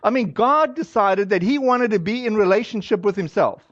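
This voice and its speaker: A man with a fairly high voice preaches in a loose, chatty way, often slipping in fillers and quick asides. The sound is very dry with no room around it, and the recording is a little dull and lo-fi. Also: no room sound. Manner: casual and animated, acts out quoted voices, many fillers. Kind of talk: conversational sermon.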